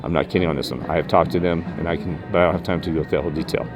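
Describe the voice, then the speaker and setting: A man vlogging a rambling personal story about spirits, emphatic and jumping up in pitch when he quotes himself. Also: steady tone, very fast, over music. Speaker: paranormal vlogger.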